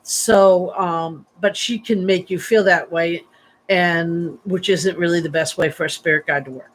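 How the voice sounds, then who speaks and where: A woman's voice: fairly low pitch, fairly even intonation, a little slow, slight background noise, rough recording. A woman giving a psychic reading on a livestream, rambling and chatty with many fillers and restarts, sleepy and yawning. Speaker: psychic medium.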